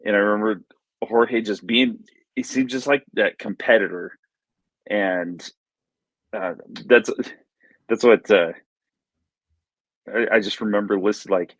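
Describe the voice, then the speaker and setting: A man co-hosting a sports podcast, reminiscing in a halting way with many restarts. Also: fairly low pitch, a bit bright, no echo, low-quality recording. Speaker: podcast co-host. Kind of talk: casual sports chat.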